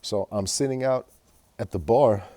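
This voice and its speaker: Deep mellow guy rambling on about his life, swears a lot, dry sound. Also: moderate pace, no room sound. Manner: profane, agitated storytelling with frequent fillers. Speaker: vlogger. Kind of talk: rambling personal monologue.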